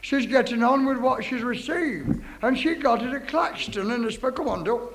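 A man working as an evangelist host, introducing believers on the street in a brisk, encouraging way. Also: extremely high pitch, rough recording.

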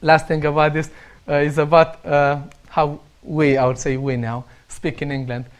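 Young Romanian-accented man, high-pitched, easygoing storyteller who laughs a lot. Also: level tone, moderate pace. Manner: laughs often while telling anecdotes. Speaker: speaker sharing stories. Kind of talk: casual storytelling.

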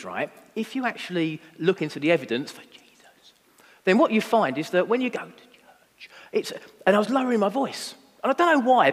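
A young man preaches in a casual, self-deprecating, anecdotal way, full of ums and restarts. His voice sits a little high for a man. It rings out with a long reverb, as in a church hall. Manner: conversational, self-deprecating storytelling with many fillers. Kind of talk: sermon.

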